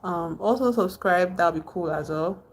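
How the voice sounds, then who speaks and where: A woman's voice: fairly low pitch, normal speed. A woman with a Nigerian accent hosting a casual livestream, rambling as she retells film scenes and greets viewers in the chat. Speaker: livestream host.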